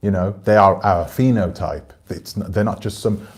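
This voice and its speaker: A man's voice: on the low side, expressive, normal speed, a little mellow. A man hosting his channel, chatting casually and rambling as he talks to viewers and reads out their comments. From Britain. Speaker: channel host.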